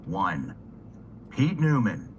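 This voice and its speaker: A man giving a firm, defiant statement in a deliberate, measured way. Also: deep voice, big pitch swings, slight background noise, poor audio. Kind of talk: recorded statement clip.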